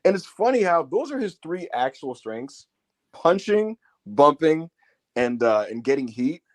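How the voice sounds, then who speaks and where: A wrestling review podcast co-host with a fairly high voice talks a bit slowly through loose, casual banter. He's animated, laughs a lot, and swears freely as he jokes around.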